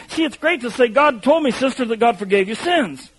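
A man preaching a sermon, telling animated stories with shouted bursts and laughter, his voice husky. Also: very high voice, fast, few pauses, rough recording.

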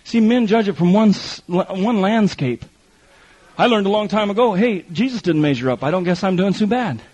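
A man's voice: sits high, lively intonation, moderate pace, a little mellow, slightly rough. A middle-aged man preaching a folksy testimony sermon, telling stories and acting out the other people in them. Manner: folksy storytelling with quoted voices and repetition. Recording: muffled lo-fi recording.

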